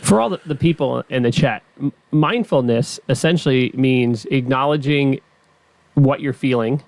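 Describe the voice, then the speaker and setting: A man's voice: medium pitch, normal speed, vocal fry, a little mellow. A man hosting a podcast, chatting casually and explaining ideas to the audience in a conversational way. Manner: conversational, explaining, reassuring asides. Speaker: podcast host. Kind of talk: casual interview chat.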